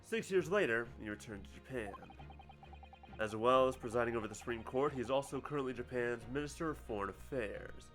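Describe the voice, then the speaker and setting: A man voicing a scheming older Japanese judge who speaks in a measured, stately way while reading a game's dialogue on a livestream. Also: medium pitch, animated, a bit bright, faint music behind, lightly acted. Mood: composed. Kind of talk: voicing game characters on a livestream.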